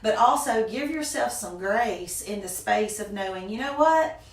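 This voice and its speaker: A woman's voice: mid-range voice, expressive, a little slow. A middle-aged woman with a Southern US accent, answering interview questions graciously with frequent laughs. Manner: warm, gracious, laughs often. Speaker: guest, small business owner. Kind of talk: conversational interview. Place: room. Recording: echoey room from a distance, faint noise.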